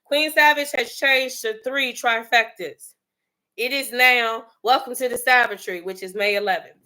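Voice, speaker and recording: A woman's voice: on the high side, normal speed, pushed and bright. A woman from the Bronx hosting a casual livestream, chatting and greeting viewers by name. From the Bronx, New York. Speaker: livestream host.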